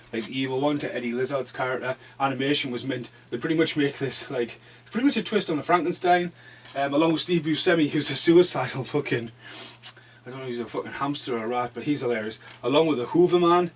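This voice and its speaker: A man's voice: medium pitch, fast, slight background noise. Swearing, rambling man. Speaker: movie reviewer. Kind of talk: casual movie review vlog. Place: dim room at home.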